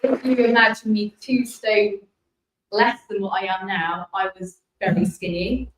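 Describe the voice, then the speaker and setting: A British woman in her thirties shares her own story with an audience, her voice catching with emotion and broken by halting restarts and apologies. She sounds a long way from the microphone. Heavy room echo washes over her words, with a faint hum of background noise. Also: medium pitch, steady tone. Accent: British English. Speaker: guest sharing a healing story. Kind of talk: personal testimony. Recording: echoey distant room sound.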